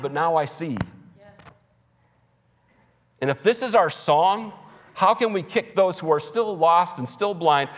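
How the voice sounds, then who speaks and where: A man's voice: a little high, in a large hall. A man preaching a sermon as pastor, emphatic and conversational, with humorous asides. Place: church.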